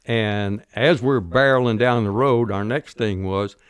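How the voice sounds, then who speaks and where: A man's voice: on the low side, unhurried, smooth, no echo, studio quality. An older man telling his war story in a folksy, plainspoken interview manner. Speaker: guest veteran.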